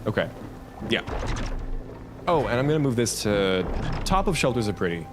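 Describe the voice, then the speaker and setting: A man streaming a game, thinking out loud and chatting to viewers in a loose, rambling way. His pitch swings about a lot as he talks. Game music plays clearly underneath his voice. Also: normal speed. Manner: rambling, lively, talks to himself and chat. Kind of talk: casual live-stream chat while gaming.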